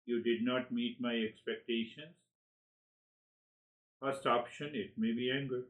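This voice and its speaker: A man teaching a spiritual lesson in an animated, searching way. He repeats words like "you, you" as he reaches for the next thought. His voice sits at an ordinary middle pitch for a man. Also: unhurried, low-quality recording. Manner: animated, acts out inner dialogues with sudden laughs. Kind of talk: spiritual lecture to seekers.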